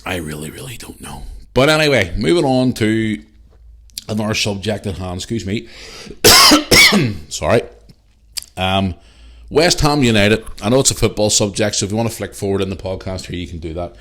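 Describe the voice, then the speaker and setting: Male podcast host, lowish voice, heated sweary solo rant. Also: huge pitch swings, normal speed, pauses often, sharp tone.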